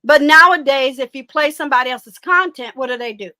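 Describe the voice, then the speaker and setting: A woman guest talking casually and bluntly, animated and profane. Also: high-pitched, fairly quick, no room sound. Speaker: guest commentator. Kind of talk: casual chat.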